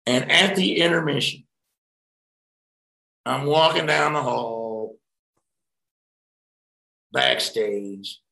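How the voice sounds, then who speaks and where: Man, middle-aged, gravelly, rambling, profane, casual interview guest, roomy sound. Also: mid-range voice, very slow, pauses often. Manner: rambling, profane, animated anecdotes.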